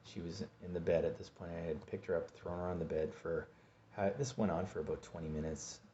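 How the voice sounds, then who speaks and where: A man vlogging a personal story, halting and repeating himself as he acts out his own pleas. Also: low-pitched, fairly even intonation, mellow, slight background noise. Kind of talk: personal story told to camera. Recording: dull lo-fi recording.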